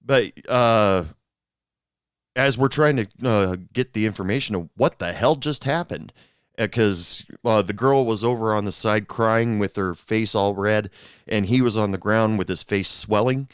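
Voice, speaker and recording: A man's voice: fairly low pitch, a little slow, clear, resonant tone, dry recording, studio quality. A man hosting a show and telling bar stories in a rambling, casual monologue full of fillers and restarts. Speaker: podcast host, former bartender.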